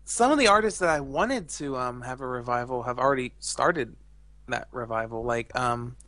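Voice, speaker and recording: A man's voice: mid-range voice, normal speed, bright, forceful tone, no echo. A young man co-hosting a casual chat, rambling and opinionated with lots of fillers. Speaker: podcast co-host.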